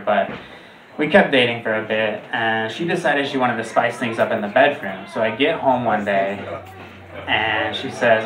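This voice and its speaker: A man doing a stand-up comedy routine, jumping higher and louder on punchlines. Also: lively intonation, normal speed, crowd noise. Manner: jumps high and loud on punchlines. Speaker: stand-up comic. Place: comedy club stage. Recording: roomy and distant. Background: audience laughter.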